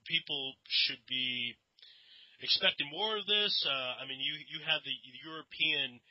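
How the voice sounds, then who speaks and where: A man's voice: a little high, a little slow, no room sound. Male radio host, dry lo-fi sound. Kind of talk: radio interview.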